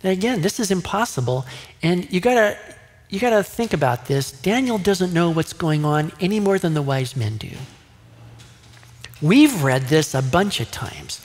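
A man's voice: sits high, lively intonation, moderate pace. A male pastor preaching a sermon in a conversational way, now and then acting out the voices of people in the story. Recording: long hall reverb.

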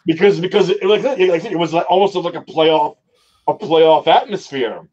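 A man's voice: on the high side, a little mellow, lo-fi sound. A man in a casual podcast chat who rambles and stops and starts, making fun of himself and swearing. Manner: rambling, halting, self-deprecating, swears. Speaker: podcast co-host.

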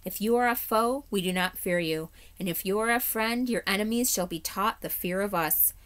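A woman voicing a proud, shrill mouse knight who talks formally in a storybook reading. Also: moderate pace, a bit bright, close to an everyday voice. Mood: defiant. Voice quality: shrill, piping.

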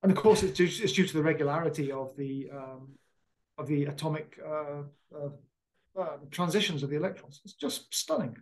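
An enthusiastic middle-aged man talks casually about astronomy in a fairly high voice. He explains things eagerly and sounds genuinely amazed. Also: moderate pace, low-quality recording. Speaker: astronomer and former program manager. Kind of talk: casual conversation.

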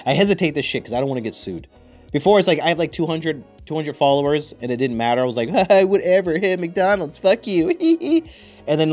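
A man's voice: mid-range voice, a little mellow. A man hosting a podcast, chatting casually with a profane, rambling, joking manner. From United States. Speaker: podcast host. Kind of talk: casual chat.

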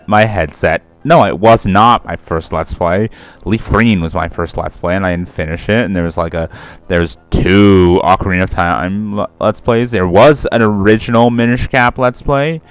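A man's voice: fairly low pitch, moderate pace, clean tone, dry recording. A young man doing casual let's-play commentary, rambling, swearing freely and correcting himself mid-sentence. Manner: rambling, profane, self-correcting.

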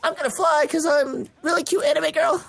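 A man voicing a cute anime girl in a high, squealing shout. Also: brisk, vocal fry, no echo, heavily acted. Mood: giddy.

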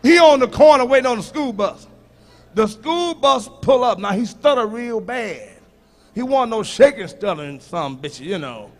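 A male stand-up comedian performing a profane set, teasing the audience and shouting punchlines at them. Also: very high-pitched, sing-song, moderate pace.

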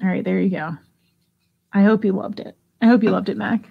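A woman's voice: mid-range voice, fairly even intonation, brisk, vocal fry, breathy edge, phone-quality sound. A woman hosting a live online auction, chatting casually and giggling as she reads out bids. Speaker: live sale host.

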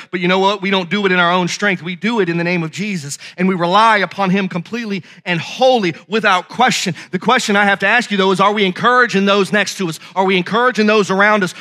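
A male pastor preaching a sermon with passion, asking his congregation questions and rising to shouts. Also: high-pitched.

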